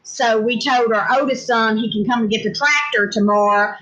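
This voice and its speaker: A woman's voice: fairly high pitch, moderate pace, a bit bright, muffled recording. Chatty middle-aged Louisiana woman. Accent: Louisiana Southern. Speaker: homestead channel co-host. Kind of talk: casual livestream chat reading comments.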